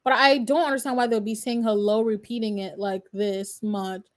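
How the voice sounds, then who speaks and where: A woman's voice: medium pitch, fairly even intonation, moderate pace. A woman in her twenties, a law student reacting live and chatting straight to her viewers. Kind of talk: live reaction stream commentary.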